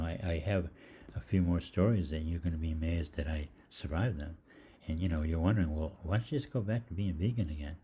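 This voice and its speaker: Deep, husky, and mellow, an older man who hosts a holistic health program spins a casual, wandering anecdote. He acts out quoted lines and keeps saying um and restarting.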